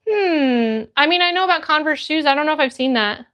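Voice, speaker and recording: A woman's voice: high-pitched, lively intonation, a little fast, muffled recording. A young woman hosting a casual phone livestream, bubbly and greeting viewers by name as she reads the chat. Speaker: livestream host reading chat. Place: home, phone stream.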